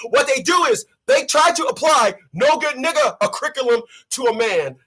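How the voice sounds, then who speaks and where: High-voiced man ranting on his channel. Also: lively intonation, a little fast, few pauses, sharp tone. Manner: preachy, profane, repeats himself for effect. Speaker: vlogger. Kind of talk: ranting commentary.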